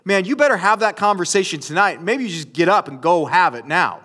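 High-voiced man telling a sermon story. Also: expressive, a little fast, pushed and bright. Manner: conversational, storytelling, addresses audience as you guys. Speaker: pastor.

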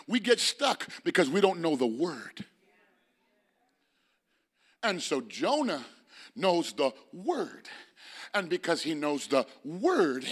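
Gravelly, bright-voiced preaching pastor. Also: male voice, high-pitched. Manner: builds from conversational asides to shouted preaching. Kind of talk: sermon.

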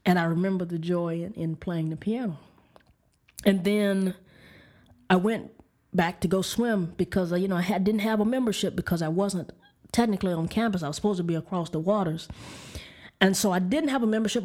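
A woman's voice: on the low side, dark tone. A woman preaching and telling a candid personal story of frustration and faith, with restarts and light laughs. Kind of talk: personal testimony sermon.

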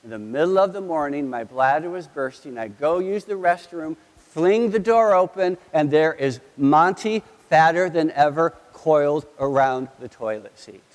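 A middle-aged man preaching a sermon as a pastor, telling a family story with animated delivery and acting out his sons' lines. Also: a little high, normal speed, hardly any pauses. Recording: long hall reverb.

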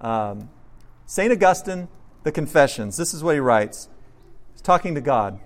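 A man preaching a sermon as a pastor, earnest, moving from soft, slow passages to emphatic ones. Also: a little high, expressive. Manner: earnest, with dramatic swings between soft and emphatic.

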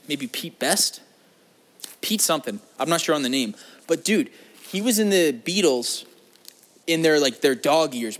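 A man's voice: mid-range voice, fairly bright tone. A young man talking straight to his audience in a loose, wandering monologue. He swears constantly, cracks crude jokes and drifts from one tangent to the next. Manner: crude, profane and jokey, wandering off topic. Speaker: vlog host. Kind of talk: rambling casual monologue.

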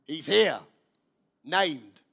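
A man with a notably high voice preaches a sermon from the pulpit. He speaks with emphasis, says his key lines twice and turns to the congregation with direct questions. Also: expressive, extremely slow, gravelly, fairly bright tone, breathy edge. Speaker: pastor.

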